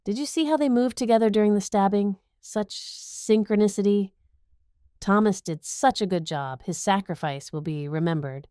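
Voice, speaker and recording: A woman's voice: medium pitch, normal speed, dark tone, smooth, no echo, studio quality, pitched above the performer's own voice, close to an everyday voice. A woman voicing the gossiping walls of an alien ship, a gushing matchmaking busybody, in an audiobook.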